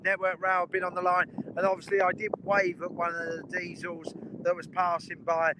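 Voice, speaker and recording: A man's voice: sits high, completely flat delivery, moderate pace, noisy background. A man streaming live from beside a railway line outdoors, chatting enthusiastically with his viewers. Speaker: train spotting live streamer. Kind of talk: casual live-stream commentary.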